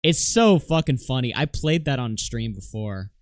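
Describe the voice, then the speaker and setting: A man's voice: medium pitch, lively intonation, moderate pace, dry recording, clean studio sound. A man streaming live, reacting to clips with sarcastic, laughing commentary. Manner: mocking, sarcastic, laughs a lot.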